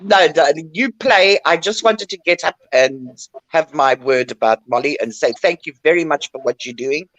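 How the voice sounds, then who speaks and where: A woman's voice: deep voice, normal speed, few pauses, no room sound. An older woman talking bluntly and emotionally in a casual chat, calling in to a show. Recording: dull lo-fi line.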